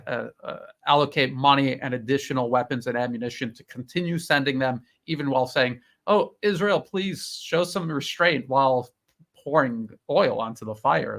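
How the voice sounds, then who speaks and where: A man hosting a livestream who responds to his guest with measured analysis. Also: mid-range voice, fairly bright tone. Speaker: host. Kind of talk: livestream discussion.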